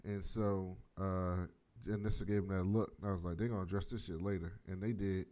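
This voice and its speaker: A man's voice: low voice, fairly even intonation, fairly quick, warm tone. A man casually recapping a TV episode, profane and laid-back, acting out the characters' lines as he goes. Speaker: podcast host.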